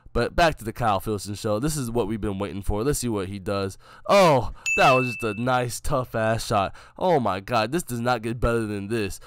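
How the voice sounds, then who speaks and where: A man's voice: mid-range voice, background noise. Young man doing jokey self-mocking play-by-play. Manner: joking, self-mocking hype commentary. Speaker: vlogger narrating his own game footage. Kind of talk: casual play-by-play commentary.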